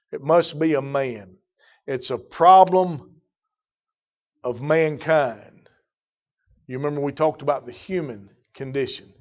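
Older male preacher, folksy and emphatic, a bit high-pitched, on a dull lo-fi recording. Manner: folksy storytelling preaching, rising to loud emphatic peaks. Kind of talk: sermon.

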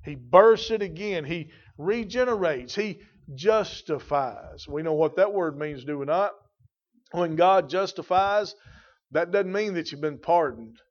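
A man's voice: a little high, animated, a little slow, highs cut off. A man preaching a sermon in a folksy, emphatic way, his intensity rising and falling. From rural.

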